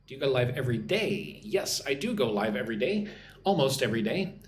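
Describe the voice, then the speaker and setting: A man's voice: mid-range voice, sing-song, a little fast. An American man in his forties, an English teacher hosting a live-stream lesson, chatting casually as he reads viewer comments aloud and answers them. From United States. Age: 40s.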